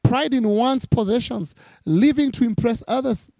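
A man's voice: very high voice, moderate pace, gravelly, mellow, no echo. A man preaching a sermon, reading scripture aloud and repeating key phrases for emphasis. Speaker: pastor.

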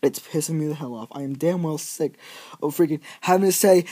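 A man's voice: a little high, brisk, warm tone. A teenage boy ranting casually on his vlog, profane and rambling, full of filler words. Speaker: vlogger.

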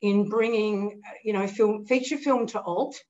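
A woman's voice: mid-range voice, moderate pace, darkish tone. A woman moderating a panel discussion, encouraging and complimentary toward the guests. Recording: dull lo-fi audio.

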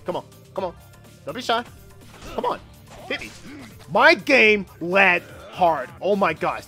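A man giving gaming commentary, excitable and profane, reacting out loud as he plays. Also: high voice. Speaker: gaming video host.

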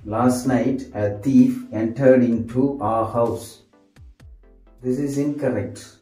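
A man's voice: medium pitch, steady tone, mellow, distant mic. A man teaching English grammar, repeating each example sentence and answering himself with "yes". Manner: slow, repetitive, says sentences over and over. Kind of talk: grammar lesson. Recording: echoey room, voice set off from the mic, faint music.

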